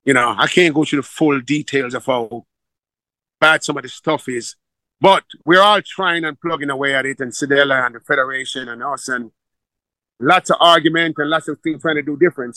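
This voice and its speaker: Forceful Jamaican man telling coaching stories. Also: on the high side, dry recording, poor audio. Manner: animated storyteller, acts out quoted dialogue. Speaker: football coach. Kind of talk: casual interview storytelling.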